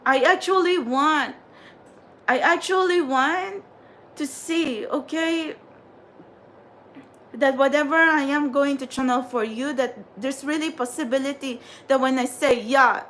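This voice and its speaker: A woman's voice: high voice, steady tone, normal speed, fairly bright tone, slight background noise. A woman hosting a tarot livestream, ranting in an exasperated, repetitive, scolding way at her viewers. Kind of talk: frustrated livestream rant.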